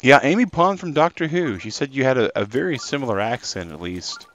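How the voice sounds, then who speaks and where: A man's voice: mid-range voice, animated, fairly quick, a bit bright, a little hiss or hum. A man live-streaming a game, chatting and rambling casually to his viewers. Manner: chatty and rambling, talking to chat.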